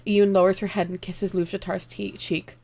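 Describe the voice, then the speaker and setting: A woman narrates a dark fantasy tale live, reading with expressive, dramatic weight. Her mid-pitched voice carries a steady gravelly fry at the ends of phrases. It is a live stream reading. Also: moderate pace. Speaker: streamer reading stories aloud.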